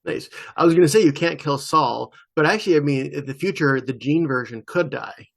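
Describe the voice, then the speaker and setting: A man co-hosting a podcast, relaxed and joking in casual chat over a video call. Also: a little high, fairly quick, gravelly. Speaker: podcast co-host.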